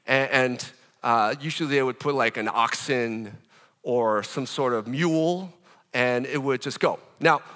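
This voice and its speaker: A man preaching a sermon as pastor, in an animated, conversational way, with rhetorical questions. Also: on the high side, in a large hall.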